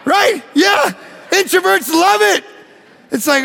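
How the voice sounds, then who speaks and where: A pastor preaching a sermon, joking and acting out little conversations in an animated way. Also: male voice, high voice, moderate pace, creaky, in a large hall. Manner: animated, joking, acts out dialogue.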